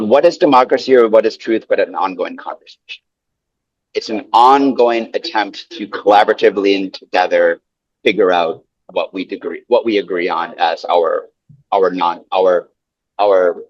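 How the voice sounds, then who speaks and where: Animated New Yorker man on a dull line. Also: dry recording. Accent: New York. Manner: animated, self-interrupting, lively pitch swings. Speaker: panelist. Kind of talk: panel discussion. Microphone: webinar call.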